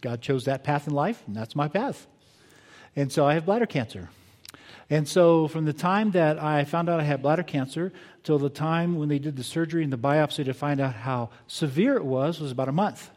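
An older male pastor delivers a heartfelt sermon, his voice sitting a touch higher than most men's. He shifts from hushed reflection to emphatic bursts. The sanctuary's long reverb trails after each phrase. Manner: earnest, reflective, shifting between quiet pauses and emphatic bursts. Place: church sanctuary.

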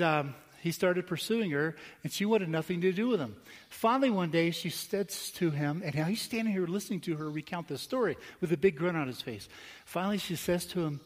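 Male pastor, fairly high voice, storytelling sermon, long hall echo. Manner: conversational, anecdotal, swings between quick asides and slow emphatic phrases.

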